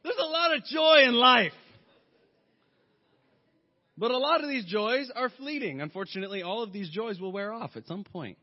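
A man in his thirties preaching a sermon, mixing jokes and lively stories into his message. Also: very high voice, normal speed, pauses often. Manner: joking, lively storytelling. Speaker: pastor. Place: church hall. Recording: long hall reverb, dull sound.

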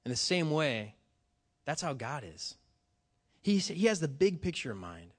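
Male pastor, sermon delivery, earnest, halting restarts, slightly raised pitch. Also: big pitch swings.

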